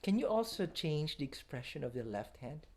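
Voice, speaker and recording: A woman's voice: deep voice, very animated, normal speed. A woman coaching a piano student in a masterclass, encouraging and singing phrases on syllables to show the touch. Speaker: piano teacher. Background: faint piano.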